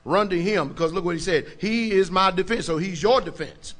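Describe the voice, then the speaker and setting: A man's voice: sits high, fairly quick, fairly bright tone, soft background music. A man, a pastor, preaching a sermon in an emphatic, colloquial way and checking in often with his congregation. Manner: colloquial, informal speech.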